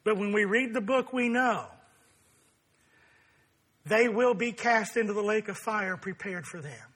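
A man preaching a sermon as pastor, in deliberate, emphatic phrases. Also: sits high, a bit bright.

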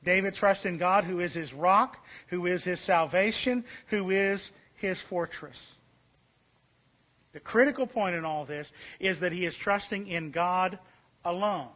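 High, bright-voiced preacher man. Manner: emphatic, repeats key phrases, slows and drops to a hush for emphasis. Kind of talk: sermon.

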